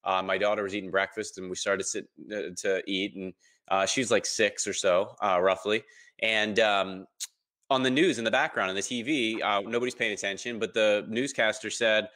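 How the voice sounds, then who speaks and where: A man's voice: lowish voice, steady tone, moderate pace, bright, forceful tone. A man in his thirties telling a story as a guest in a casual interview. He acts out the voices he quotes and fills his talk with ums. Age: 30s. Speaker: podcast guest.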